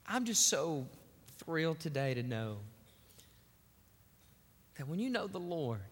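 A man preaching a sermon, telling a story with lively acted-out voices. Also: fairly high pitch. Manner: animated storytelling, acting out quotes. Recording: long hall reverb.

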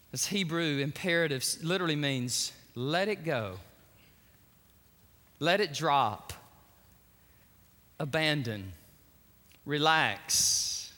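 A man preaching a sermon from a church pulpit, animated and exclamatory, with joking personal asides. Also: fairly high pitch, drawn-out words, pauses often. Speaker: pastor. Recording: echoey church hall.

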